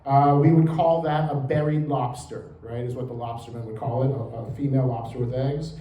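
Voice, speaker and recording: A man's voice: mid-range voice, fairly even intonation, fairly quick, dark tone, muffled recording. A man who directs a museum, giving a public history lecture in a chatty, joking way and talking with the audience. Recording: roomy hall with faint ambience.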